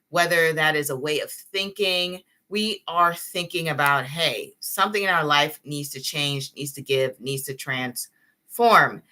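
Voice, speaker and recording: A woman's voice: low voice, pushed and bright. A young woman hosting a live tarot stream, chatting casually with her viewers and laughing often.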